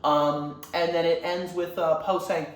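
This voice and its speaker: A man's voice: on the high side, flat delivery, a little slow. A young man who rambles and swears a lot as he retells a movie scene in a casual, comic way. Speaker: YouTuber. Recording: roomy echo, faint ambient noise.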